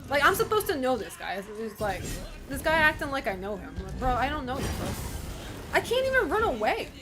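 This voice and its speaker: A young woman streaming a game, commenting as she plays, excitable, swearing and laughing often. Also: sits high, a little fast. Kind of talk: gameplay commentary. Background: game music.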